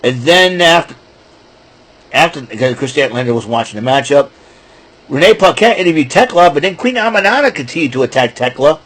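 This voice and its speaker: A man's voice: on the high side, expressive, brisk, fairly bright tone. A man casually recapping a wrestling show, rambling with many fillers and restarts.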